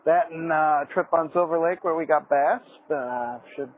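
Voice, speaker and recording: A man calling in a rambling, excited fishing report with many fillers. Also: a little high, normal speed. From New Hampshire. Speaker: fly fishing correspondent calling in. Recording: phone line with faint background noise.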